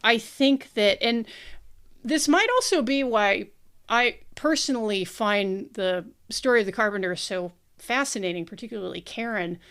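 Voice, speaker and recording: American woman, podcast co-host, clear smooth voice, frank and sweary in casual chat. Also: on the high side, moderate pace, a bit bright. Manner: frank and blunt, swears freely.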